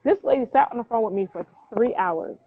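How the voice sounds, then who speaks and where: Brief: high-voiced woman, animated guest storyteller, tinny phone-line audio. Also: brisk, husky. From New Jersey. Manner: lively, acts out quoted voices, motivational. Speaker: guest, clothing brand founder.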